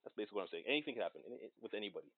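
A man in a casual discussion, talking haltingly and repeating words as he thinks. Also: fairly low pitch, expressive, breathy edge. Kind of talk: casual chat. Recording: dry tinny phone-like line.

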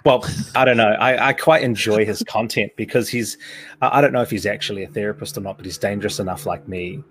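A man's voice: on the low side, quick pace, slight background noise. A young man, co-hosting a casual podcast chat and telling stories with lots of restarts. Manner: animated storyteller, repeats words while thinking. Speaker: podcast co-host.

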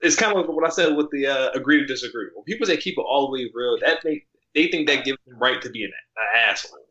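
Bright-voiced man in roomy sound. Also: mid-range voice, fast, highs cut off. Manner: relaxed, rambling with many fillers and restarts. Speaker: podcast guest. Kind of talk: casual interview chat.

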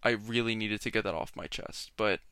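A man's voice: fairly low pitch, a little fast, pushed and bright, clean tone, no room sound, studio quality. A young man hosting a solo podcast, rambling and sarcastic, often interrupting himself. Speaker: podcast host. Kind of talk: casual solo podcast rant.

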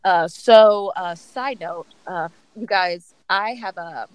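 A woman's voice: fairly low pitch, slow pace, clear, resonant tone, dry recording, low-quality recording. A young woman co-hosting a podcast from home in a chatty, frank, laughing way. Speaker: podcast co-host. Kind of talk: casual chat.

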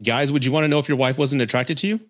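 A man's voice: mid-range voice, very fast, a bit bright. A man hosting a podcast, giving blunt, candid relationship advice in a casual chat while reading viewer comments. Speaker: podcast host.

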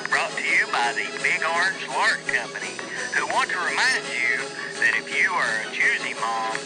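A man's voice: mid-range voice, low-quality recording. A man announcing a show segment and a mock sponsor in a showy announcer delivery, with music under him. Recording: voice over clear music.

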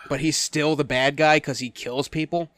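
A man's voice: on the high side, steady tone, moderate pace, a bit bright. A man co-hosting a podcast in casual chat, stammering and laughing often. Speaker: podcast co-host.

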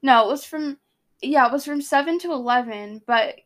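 A young woman casually recapping a novel chapter and adding her own asides in a relaxed chat. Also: high voice, normal speed. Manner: chatty, summarizing a book with asides and laughter. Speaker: book discussion co-host.

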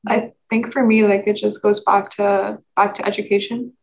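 A woman's voice: medium pitch, flat delivery, moderate pace, creaky, low-quality recording. A young woman from Pakistan in a casual group discussion, talking with many fillers and restarts. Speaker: discussion participant.

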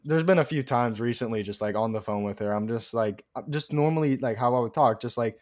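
A man's voice: mid-range voice, brisk, darkish tone. A young man with a mid-range voice co-hosts a podcast in easygoing chat. He swears casually, laughs a lot, and mimics other people's voices as he tells stories. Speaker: podcast co-host.

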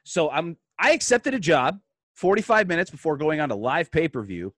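A young man telling a story in a casual podcast chat, animated, swearing often and restarting his sentences. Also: on the high side, moderate pace, dry recording.

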